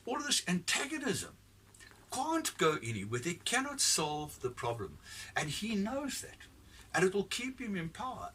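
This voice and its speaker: Man, blunt and profane, rambling opinion rant, bright sharp voice, swooping up and down, a bit far from the mic. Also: fairly high pitch. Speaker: commentator giving his opinion. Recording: voice from off the mic with faint ambient noise.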